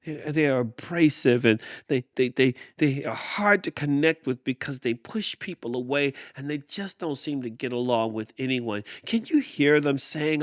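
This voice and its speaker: A man hosting a podcast, reading a rhyming story and then reflecting, animated and repeating words as he thinks, saying y'all. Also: medium pitch, normal speed, few pauses, no echo, studio quality. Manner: uses y'all. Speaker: podcast host.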